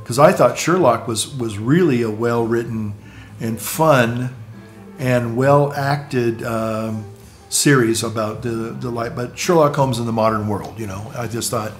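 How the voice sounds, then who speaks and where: Rambling man with halting restarts. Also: medium pitch, faint music behind. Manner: halting, frequent restarts and asides; chuckles at his own jokes. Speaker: vlogger. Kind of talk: casual rambling monologue.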